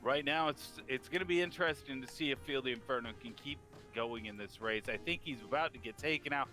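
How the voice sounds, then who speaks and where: A man giving eager play-by-play commentary on a video game race, rising in excitement at each crash. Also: medium pitch, a little fast, faint music behind.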